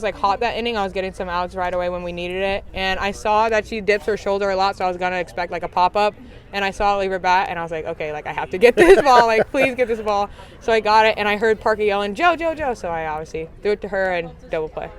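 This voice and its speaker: A teenage girl softball player giving a bubbly postgame interview outdoors at a ballfield, saying "like" a lot. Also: medium pitch. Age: teens. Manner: bubbly, heavy use of "like". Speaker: high school softball player.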